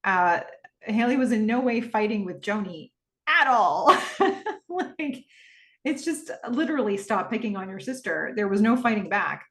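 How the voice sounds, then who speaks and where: A woman's voice: mid-range voice, lively intonation, measured pace, a bit bright. Chatty female podcast host recapping a TV episode, musing aloud; echoey room. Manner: chatty, thinking aloud with frequent fillers. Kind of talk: rewatch podcast recap and commentary.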